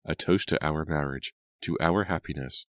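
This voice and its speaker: Deep-voiced guy doing a young witch lady, scornful, bossy, dry recording. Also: moderate pace, fairly bright tone, no room sound. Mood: gleeful. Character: scheming young Southern belle witch, scornful. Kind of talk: audiobook character reading. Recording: dry close studio sound.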